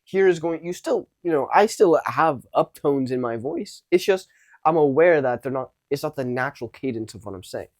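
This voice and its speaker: This social-skills coach chats to camera in a fairly high, animated voice with a darkish tone, demonstrating how an unsure delivery differs from a commanding one. He keeps a moderate pace, and the recording has no room sound.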